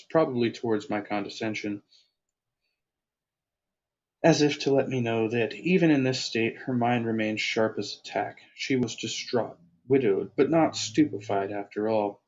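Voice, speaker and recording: A man's voice: medium pitch, unhurried, darkish tone. A man reading his own first-person story aloud, then chatting casually and self-deprecatingly about his writing. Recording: lo-fi, dull sound.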